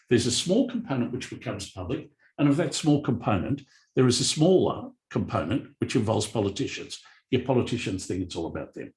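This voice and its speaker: A middle-aged Australian man speaking bluntly as a guest on a live panel, telling animated stories. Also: medium pitch. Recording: echoey event room.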